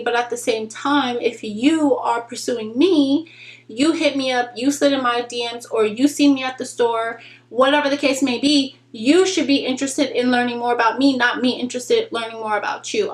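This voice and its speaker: A young beauty vlogger with a voice on the high side does her makeup in an echoey room, chatting casually for a get-ready-with-me video. She's frank and slangy, telling animated stories and acting out the conversations.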